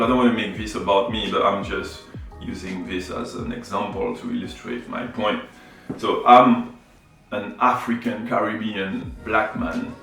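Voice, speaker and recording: A man's voice: lowish voice, fairly bright tone, heavy reverb, distant mic, rough recording. A man from Martinique who runs a photography channel, explaining his views in a reflective vlog, often checking in with "right?" and "you know". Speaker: photography YouTuber.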